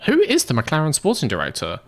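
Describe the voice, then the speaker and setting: A man's voice: a little high, wildly swooping pitch, brisk. A man giving casual gameplay commentary as a game streamer, in a sarcastic, self-mocking and joking way.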